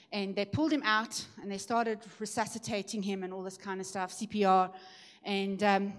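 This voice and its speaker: A woman preaching a testimony, telling the story in a lively way and growing emphatic at the high points. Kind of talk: sermon testimony.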